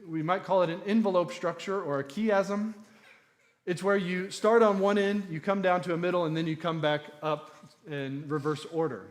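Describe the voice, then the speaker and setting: A man delivers a Bible study sermon, earnest and emphatic, repeating key phrases to drive them home. His voice sits a little on the higher side for a man. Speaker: preacher.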